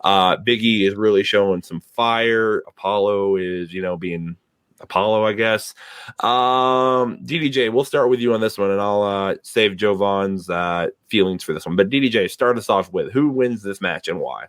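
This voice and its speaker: A man's voice: lowish voice, moderate pace, fairly bright tone, clean tone, no echo, clean studio sound. A man hosting a casual podcast, joking and teasing his co-hosts in loose, rambling talk. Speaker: podcast host. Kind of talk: casual chat.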